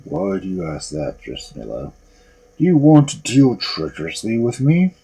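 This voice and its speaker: A man voicing a huge, gruff, suspicious male ogre in a storybook reading. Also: sits low, wildly swooping pitch, moderate pace, dark tone, voice pushed down, full character voice.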